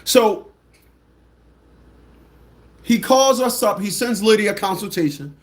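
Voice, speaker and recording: A radio show host runs a livestream talk show, telling a story bluntly and mockingly in an expressive voice at a slow pace. He repeats phrases and mimics people with shrill squawks.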